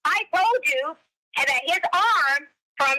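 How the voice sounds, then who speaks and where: A woman's voice: high voice, lively intonation, slow pace, bright, forceful tone. A woman on a phone call, answering accusations in a defensive, curt way.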